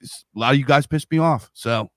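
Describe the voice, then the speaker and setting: A man's voice: mid-range voice, a little fast, no room sound. Blunt American man, dry close sound. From United States. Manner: blunt, opinionated, swears freely. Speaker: livestream co-host. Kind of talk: casual livestream chat.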